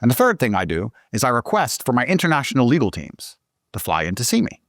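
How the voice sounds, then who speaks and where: Man, casual storytelling, swearing, lively swooping pitch, dry close sound. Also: quick pace, no echo. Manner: profane, indignant, animated. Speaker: guest storyteller.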